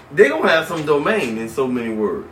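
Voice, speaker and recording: Sarcastic slangy guy, lively voice, sounds far off. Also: fairly high pitch, reverberant, a little hiss or hum. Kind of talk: casual group debate.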